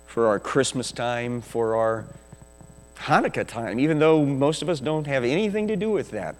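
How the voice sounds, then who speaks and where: Slow-preaching pastor in an echoey hall. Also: male voice, medium pitch. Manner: slow, emphatic preaching that drops to a quiet prayer. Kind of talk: sermon. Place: church sanctuary. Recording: echoey church hall with mains hum.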